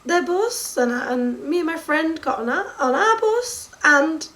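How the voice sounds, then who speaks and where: A young woman tells a story in a casual vlog. She talks in a gushing, excitable way, full of likes and ums. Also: sits high, a little slow, recorded from a distance. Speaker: music fan vlogger.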